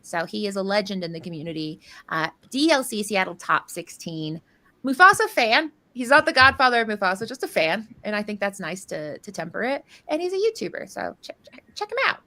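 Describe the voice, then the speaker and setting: A woman's voice: mid-range voice, big pitch swings, fairly quick, sharp tone. A woman casting a live card game tournament, chatty and jokey, rambling through player intros and stories. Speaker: caster. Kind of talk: live game commentary banter.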